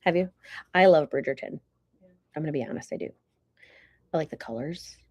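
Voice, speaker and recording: A woman's voice: low-pitched, a little fast, darkish tone, slightly rough. A woman hosting a casual livestream from home, chatting and rambling to viewers while eating dinner. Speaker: livestream host.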